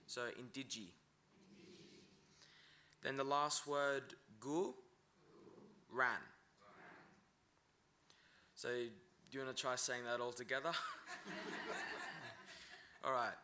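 A man's voice: medium pitch, fairly even intonation, pushed and bright. A man teaching an Indigenous language, sounding out words syllable by syllable. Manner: breaks words into syllables, slow and deliberate. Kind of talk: pronunciation lesson.

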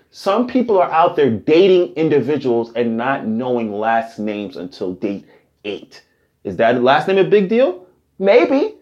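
A man hosting a podcast in a casual comedic monologue, animated and rambling, his voice swinging high and low. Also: lo-fi sound. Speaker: podcast host.

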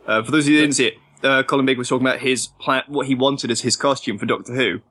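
A man's voice: medium pitch, steady tone, bright, forceful tone, husky. A man hosting a casual podcast chat, joking around and steering the talk with playful segues. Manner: playful, quick to joke and segue. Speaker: podcast host.

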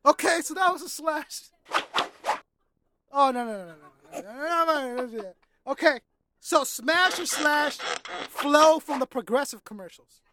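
A woman's voice: high voice, expressive, moderate pace, long pauses, noisy background. A woman hosting a casual interview, teasing her guest with slang and often laughing. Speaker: podcast host.

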